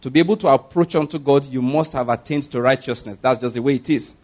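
Preacher man reading scripture slowly. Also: medium pitch, darkish tone. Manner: slows and stresses scripture, quick asides; calls on the congregation to repeat and notice.

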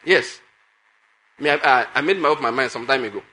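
A man's voice: medium pitch, brisk, bright, forceful tone. A man preaching a sermon, emphatic, repeating phrases and putting questions to his listeners.

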